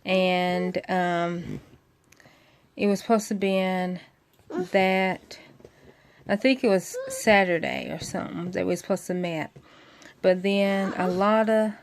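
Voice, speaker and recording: A woman's voice: lowish voice, slow pace, pauses often. A young woman, telling a friend a long story in a casual, rambling way, full of fillers and acted-out quotes. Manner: rambling, many fillers, acts out quoted voices.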